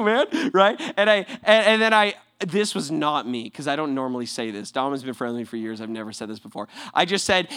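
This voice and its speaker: A man's voice: fairly high pitch, brisk, smooth. A male pastor telling a story in a sermon, laughing often and acting out the lines of the people in it. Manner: animated, laughing, acts out quotes.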